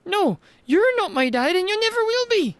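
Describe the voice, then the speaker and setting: A man voicing an earnest young village girl in a video game, speaking in a shrill, indignant tone. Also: very animated, moderate pace, dry recording.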